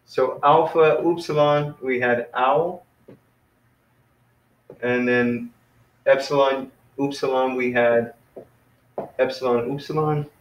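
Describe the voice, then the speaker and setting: A man teaching a casual online beginner class, relaxed and friendly, often saying "man" and "you know.". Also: medium pitch, slow pace, pauses often, roomy sound, lo-fi sound.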